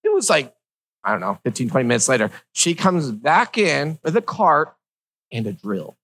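Lively, wry man telling a story. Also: a little high, normal speed, breathy edge, low-quality recording. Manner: rambling, filler-heavy, wry. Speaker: vlogger telling a personal story. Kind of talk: casual storytelling to camera.

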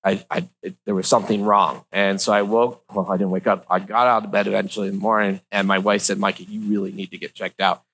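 A man's voice: lowish voice, flat delivery, quick pace, creaky, hardly any pauses, a bit bright, husky, low-quality recording. A middle-aged man with slightly slurred speech, telling a personal story in a casual, joking, rambling way.

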